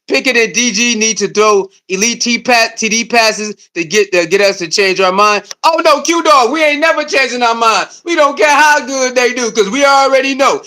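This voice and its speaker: A young man hosting a live stream, ranting loudly and excitably, repeating himself and reading and answering chat comments. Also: very high voice. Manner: loud, excitable, repetitive, swings between shouting and muttering. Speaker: livestream host. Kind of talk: fired-up live stream rant.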